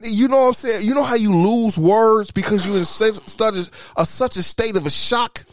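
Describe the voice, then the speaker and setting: A man, telling rowdy stories in a profane, animated casual chat. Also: high voice, moderate pace, slight background noise. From Detroit, Michigan.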